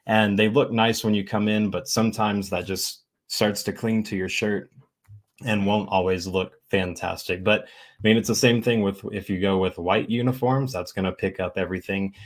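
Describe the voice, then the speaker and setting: A man who founded a cleaning company, answering as a guest in a relaxed, halting way with lots of fillers. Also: on the low side. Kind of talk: casual interview answers.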